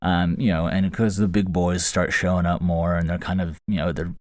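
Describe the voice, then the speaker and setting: Deep-voiced man telling a rambling story. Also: level tone, moderate pace, no room sound. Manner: rambling, amused, many fillers and restarts. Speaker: podcast host. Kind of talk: casual storytelling. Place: small foam-lined desktop recording box. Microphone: close studio mic inside the box. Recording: very dry, close booth sound.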